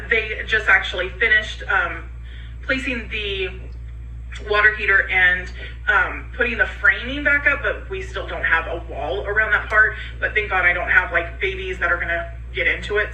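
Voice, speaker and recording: A tired woman talking in a casual home vlog, rambling and halting with many ums. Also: mid-range voice, pushed and bright, reverberant, far from the mic, poor audio. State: tired, low on energy. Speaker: vlogger in a clip being reacted to.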